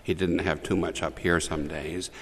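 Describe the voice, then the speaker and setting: A man preaching a homily to children in a church, telling the story with lively asides to the young listeners. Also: low-pitched, moderate pace, husky, in a large hall. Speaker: priest.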